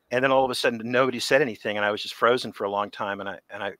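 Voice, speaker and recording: Middle-aged guy spinning creature suit stories, bright clear voice, dry close sound. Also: mid-range voice, fast, dry recording. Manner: animated storyteller, acts out quotes. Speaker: interview guest, creature suit performer. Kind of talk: casual interview storytelling.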